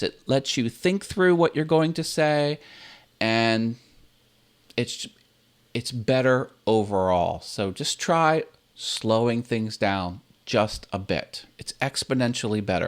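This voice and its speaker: Hosting his own video channel, a relaxed, medium-pitched man chats casually, offering tips and using his own intonation to show how a sentence should sound. He's recorded on a computer's built-in webcam in a home set packed with toys and games.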